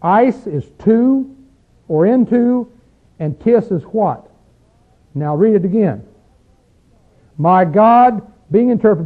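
Speaking slowly with frequent pauses, this man's high-sitting voice carries lively intonation as he runs an interactive Bible study. He questions the group and teaches with emphasis, rising in pitch on key points, all captured in tinny, phone-like audio.

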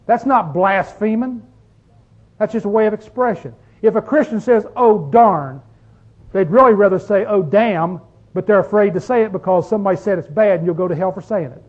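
A man with a high voice preaches a sermon, firing rhetorical questions at his listeners and stretching out the phrases he wants to land. The recording is dull and lo-fi. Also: darkish tone. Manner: emphatic, rhetorical questions to the congregation; drawn-out stress on key phrases.

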